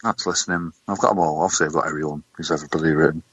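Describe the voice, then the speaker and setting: A man co-hosting a podcast, with a dry, halting, sweary way of talking. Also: very deep voice, fairly even intonation, a bit bright, husky. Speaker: podcast co-host. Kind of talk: casual banter. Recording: dull lo-fi sound.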